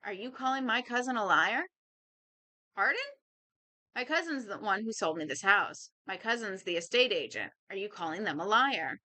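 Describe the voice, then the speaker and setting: A woman voicing a curt, prickly middle-aged man who speaks gruffly and dismissively. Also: mid-range voice, animated, normal speed, sharp tone.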